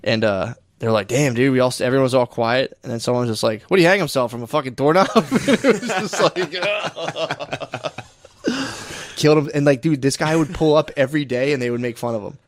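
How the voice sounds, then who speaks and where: A man's voice: mid-range voice, normal speed. A young man in casual crude chat, rambling through stories, saying "dude" constantly and laughing often.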